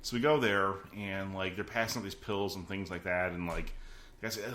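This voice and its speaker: A man's voice: low voice, brisk, fairly bright tone. A man in his thirties, a podcast host telling a story in a rambling, casual way with lots of fillers and restarts.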